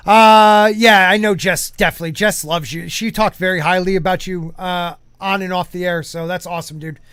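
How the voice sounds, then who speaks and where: A man with a notably high voice hosts a casual streamed podcast. He rambles, restarts his sentences and reads viewer comments aloud, and the sound is close and dry. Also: a bit bright, clean tone, dry recording. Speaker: podcast host. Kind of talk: casual live-stream chat.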